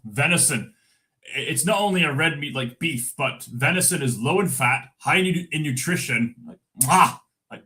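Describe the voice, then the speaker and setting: A man's voice: mid-range voice, fairly bright tone. A man hosting a casual livestream, chatting to viewers in a rambling way with many ums and restarts. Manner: rambling, hesitant, lots of fillers and restarts. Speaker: livestream host. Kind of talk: casual livestream chat reading comments.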